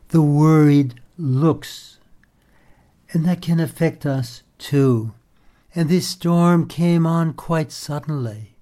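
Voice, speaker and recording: A man preaching a sermon in a measured, prayerful way, quoting scripture and a papal address. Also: fairly high pitch, warm tone.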